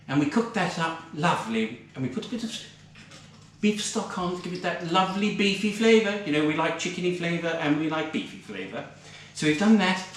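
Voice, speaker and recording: A man's voice: high voice, fairly bright tone, a little hiss or hum. A man playing a scatty, posh middle-aged British lady co-hosting a cooking show, plummy and rambling, saying darling constantly. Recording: very echoey room, far from mic.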